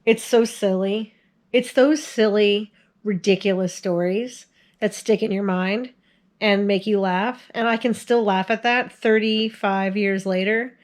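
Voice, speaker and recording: A woman's voice: mid-range voice, steady tone, a little slow. A woman in her forties casually telling family stories to the camera in a chatty way, laughing often as she goes. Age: 40s. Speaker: video host sharing family stories.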